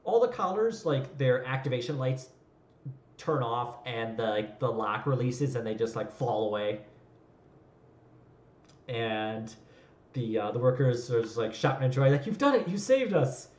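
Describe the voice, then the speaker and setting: A man's voice: mid-range voice, measured pace, pauses often, a little mellow, reverberant. A man running a tabletop game as game master, narrating in a loose, rambling way.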